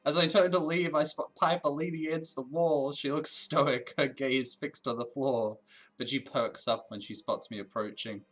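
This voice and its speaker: A man streaming a visual novel, reading its narration aloud in an even voice between asides. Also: mid-range voice, normal speed.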